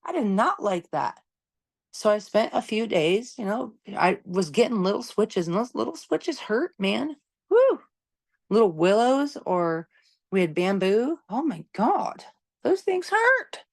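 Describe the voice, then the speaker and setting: A woman's voice: medium pitch, big pitch swings, unhurried, gravelly, darkish tone. A woman in her fifties hosting a podcast, talking candidly and emphatically about parenting in a casual, conversational way, swearing freely. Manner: conversational, lots of "you know" and "right?". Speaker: podcast host.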